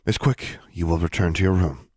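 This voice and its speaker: A severe, cold-eyed woman dean handing down orders in clipped, commanding sentences, as a male narrator puts her on. Her voice sits low with a husky grain. The recording is close and dry. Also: normal speed, dry recording. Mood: stern. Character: stern, cold female school dean.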